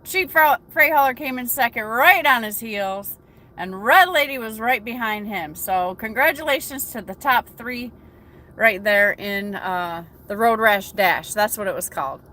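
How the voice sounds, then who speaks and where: A trucker livestream host from the United States greets her viewers by name during a casual morning coffee chat in her truck cab. Her voice sits on the high side and sounds sharp, with lively intonation and a measured pace.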